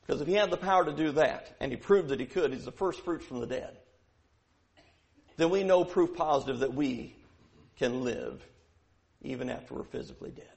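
A man preaching a sermon who moves from quiet verse-by-verse teaching to loud, emphatic preaching, repeating phrases for emphasis. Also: mid-range voice, normal speed, gravelly, long pauses.

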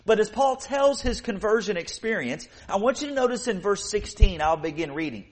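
A man with a fairly high voice delivers a sermon from the pulpit. His preaching is earnest, and he slows down and leans into each key phrase of scripture as he reads. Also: animated.

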